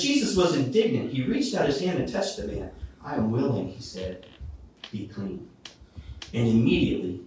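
A man preaching a sermon, reading Bible verses aloud with expressive emphasis. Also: mid-range voice, slight background noise. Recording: echoey room, voice from a distance.

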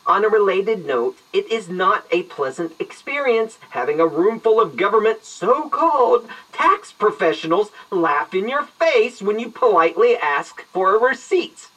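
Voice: medium pitch, very animated, a little slow, few pauses, a bit bright, far from the mic, low-quality recording. An actor doing a pompous, long-winded retired detective. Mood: theatrical. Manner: long-winded, verbose and mock-grand. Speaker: detective on an answering machine greeting. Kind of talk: audio drama acting.

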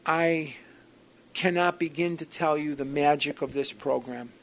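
A man telling a personal story to a group at a recovery gathering, in an animated, wry way that swings from loud outbursts to quiet asides. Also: fairly high pitch, a little slow, poor audio. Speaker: speaker sharing at a recovery program gathering.

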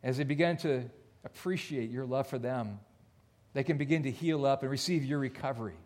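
A male pastor preaching a sermon, earnest and personal, dropping almost to a whisper on soft points. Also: mid-range voice, fairly quick. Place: church.

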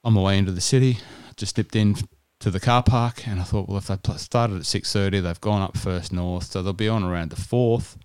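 A man's voice: deep voice, fairly even intonation, brisk, hardly any pauses, darkish tone, smooth, dry recording. An Australian man co-hosting a podcast, telling stories in casual chat with frequent restarts. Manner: chatty storytelling with restarts. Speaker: podcast co-host.

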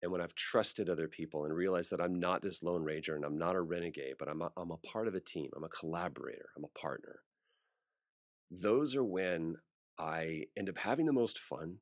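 Male voice actor, deep and dry-miked, a relaxed interview guest who brings his anecdotes to life. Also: brisk, no echo. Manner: animated storyteller acting out quoted voices. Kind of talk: casual interview storytelling.

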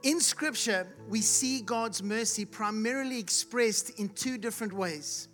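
A preacher giving a sermon to a live congregation, asking rhetorical questions and calling for responses, at times rising to loud shouts. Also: medium pitch, unhurried, faint music behind. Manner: rises to loud shouts when acting out the blind man's cries. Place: church hall with live congregation.

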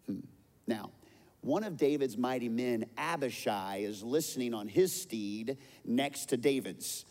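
A man's voice: mid-range voice, unhurried. Preacher man in a reverberant hall. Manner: animated storytelling, acts out quoted lines loudly. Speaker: pastor. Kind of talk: sermon.

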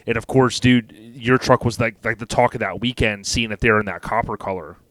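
A man's voice: medium pitch, a little fast, a bit bright, no room sound. Male podcast host, dry sound. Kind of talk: casual interview chat.

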